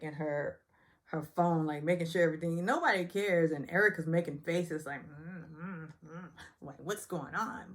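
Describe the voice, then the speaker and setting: A woman from the Southern United States recapping a reality show in a chatty, gossipy way with sarcastic asides. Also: low voice. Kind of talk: casual recap vlog.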